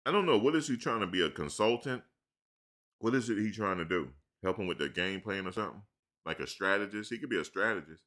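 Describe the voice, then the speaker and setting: A man's voice: fairly low pitch, lively intonation, quick pace, fairly bright tone. A man hosting a live chat, talking loosely and animatedly, full of slang and "dude". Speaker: live stream host. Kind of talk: casual live chat commentary.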